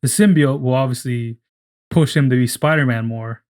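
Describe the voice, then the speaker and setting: Rambling, swearing man pitching ideas. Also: normal speed, a little mellow. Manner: rambling, profane, full of restarts. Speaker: podcast co-host. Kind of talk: casual chat.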